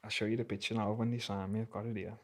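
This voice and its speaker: This young Liverpudlian MMA fighter, a guest with a Scouse accent, talks very fast in a lowish, slightly mellow voice with little pitch movement. His storytelling is casual, peppered with swearing and slang.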